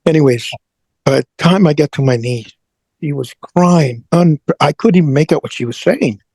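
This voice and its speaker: Middle-aged male interview guest, raspy and gravelly, halting and repetitive storyteller, dry close sound. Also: on the high side, dark tone, no room sound, low-quality recording. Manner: halting, repeats words, prays aloud in retelling. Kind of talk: emotional personal storytelling.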